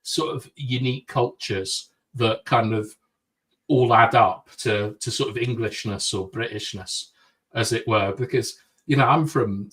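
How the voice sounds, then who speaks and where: Male co-host with dry, sarcastic humour. Mid-pitched, sits back from the mic. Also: unhurried, fairly bright tone, far from the mic. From North East England. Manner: dry, joking, with sarcastic asides. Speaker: podcast co-host. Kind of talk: casual chat.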